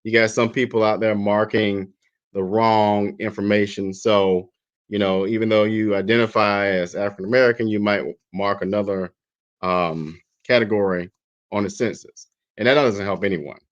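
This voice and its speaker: Man, deep voice, talk show guest, measured hesitant delivery, dull lo-fi audio. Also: steady tone. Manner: measured, hesitant, lots of ums. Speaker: guest commentator. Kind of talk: casual talk show discussion. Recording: dull lo-fi line.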